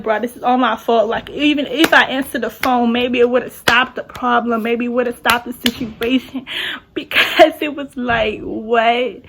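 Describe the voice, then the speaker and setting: A young adult woman telling a story on her vlog in casual chat, animated and slangy, full of "like"s. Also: a little high. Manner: animated, talks with many "like"s and slang. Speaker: vlogger.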